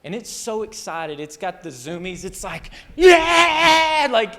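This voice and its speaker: A man preaching a storytelling sermon, animated and rambling, often interrupting himself. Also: sits high, moderate pace, long reverb tail. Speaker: pastor. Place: church hall.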